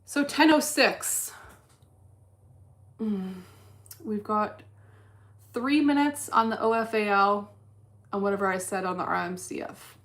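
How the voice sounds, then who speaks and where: A woman's voice: medium pitch, steady tone, unhurried, long pauses, fairly bright tone. Blunt, profane woman streamer. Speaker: livestream host reading chat while day trading. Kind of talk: casual livestream chat.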